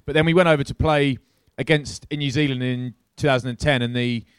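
A man telling a lively anecdote as a guest at a live show, swearing freely and acting out the people in his story. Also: mid-range voice, fairly quick, clear, resonant tone, dry recording. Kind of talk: animated storytelling. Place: crowded live-show venue.

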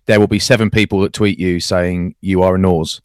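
Male co-host, low-pitched, teasing banter, close dry mic. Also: a little fast, clear, resonant tone, dry recording. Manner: teasing, chatty, animated storyteller. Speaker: co-host, rugby commentator. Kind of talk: casual podcast banter.

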